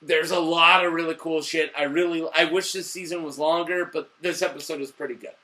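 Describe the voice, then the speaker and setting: A young man hosting a casual TV review, a little drunk, excitable and swearing, bursting into shouts. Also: on the high side, a little fast. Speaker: show host reviewing TV.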